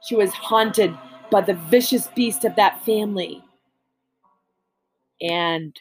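A woman reading a spooky story aloud in a slow, deliberate way, with small slips and restarts. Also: medium pitch. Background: faint music.

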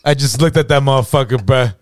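A man's voice: mid-range voice, fast, slight background noise. A man on a podcast telling a story in casual chat, slangy and profane, forever asking "you know what I mean". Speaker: podcast co-host.

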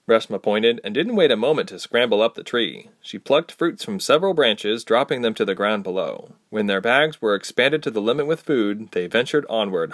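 A man narrating a fantasy storybook aloud, expressive and acting out each character. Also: fairly low pitch, no echo, studio quality.

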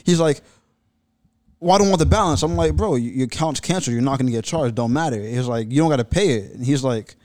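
A man's voice: mid-range voice, fast talker, a little mellow, no room sound, studio quality. A man hosting a podcast in casual chat, ranting bluntly and swearing freely. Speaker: podcast host.

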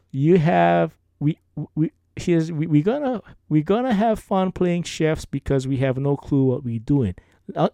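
A man's voice: a little high, gravelly, warm tone, smooth, no room sound. A man with a Hawaiian Pidgin accent, hosting a casual podcast and reading listener emails with a playful, laid-back manner. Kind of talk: casual chat.

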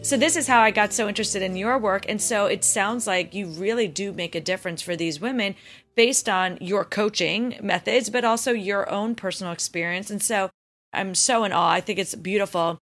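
A woman's voice: medium pitch, moderate pace, fairly bright tone, faint music behind. A woman doctor hosting an interview podcast, talking effusively and retelling stories with animation. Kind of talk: conversational interview.

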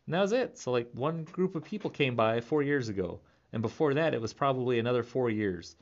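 Man in his thirties, casual rambling monologue, laughs a lot, average pitch, dull lo-fi sound. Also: expressive, normal speed. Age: 30s. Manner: playful, musing, laughs often. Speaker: vlogger.

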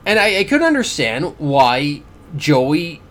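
A man's voice: on the high side, sing-song, slow, a bit bright. Exasperated man ranting about boxing. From Canada. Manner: exasperated, sarcastic, stammers and repeats words. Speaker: podcast host. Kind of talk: casual boxing review.

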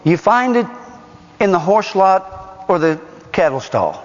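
High, lively male preacher in a hall. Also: unhurried. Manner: emphatic, pelting the congregation with rhetorical questions. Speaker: pastor. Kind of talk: sermon. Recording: dull recording with long hall reverb.

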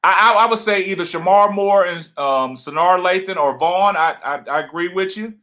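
Loud deep-voiced man, bright tone. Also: moderate pace. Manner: loud, boisterous, passionate. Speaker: livestream co-host. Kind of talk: casual livestream chat. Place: home.

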